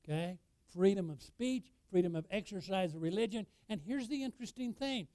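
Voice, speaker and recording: High-voiced pastor preaching a sermon. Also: male voice, animated, a little fast, dry recording. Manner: preacherly, rising to loud emphatic peaks and dropping low; asks the congregation questions.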